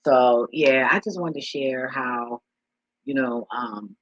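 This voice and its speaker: A man's voice: mid-range voice, slow pace, fairly bright tone, dry recording, muffled recording. A man vlogging in casual chat, rambling with frequent swearing and repeated words.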